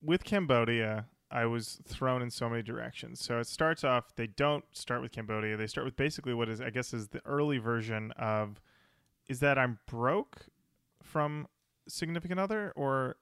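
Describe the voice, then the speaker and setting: A man's voice: medium pitch, moderate pace, fairly bright tone, smooth, no echo, studio quality. Man rambling in casual podcast chat. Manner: rambling, thinks aloud with self-corrections. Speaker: podcast co-host. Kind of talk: casual chat about music.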